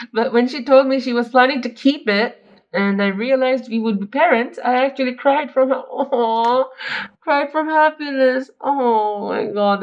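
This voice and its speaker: A woman's voice: on the high side, muffled recording. A young woman reading an online post aloud and reacting to it in a chatty, giggly way, often breaking off to comment. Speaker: story reader and commentator.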